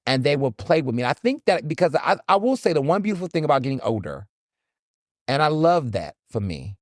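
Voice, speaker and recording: On his solo podcast, this Southern American host riffs casually and bluntly, cursing freely and animatedly acting out encounters. His pitch is medium, in a dry, clean studio recording.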